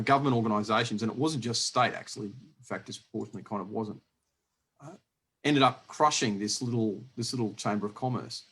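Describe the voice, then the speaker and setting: A man hosting a casual podcast chat, rambling with lots of restarts and quick laughs. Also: lowish voice. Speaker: podcast host. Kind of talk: casual conversational interview.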